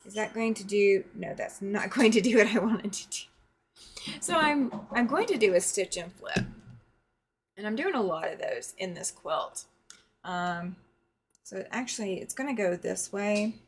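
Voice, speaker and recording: A woman hosting a casual quilting livestream, chatting with viewers, reading their comments and thanking them as she sews. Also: on the high side. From United States. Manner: frequent fillers and restarts, bursts of excitement. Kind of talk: casual livestream chat while sewing.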